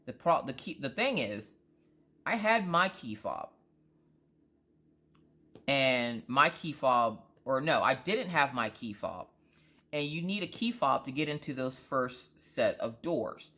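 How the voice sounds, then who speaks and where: A woman vlogger chatting casually, rambling through an animated story with frequent asides. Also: a bass voice, unhurried. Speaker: crafting vlogger. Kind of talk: casual chat.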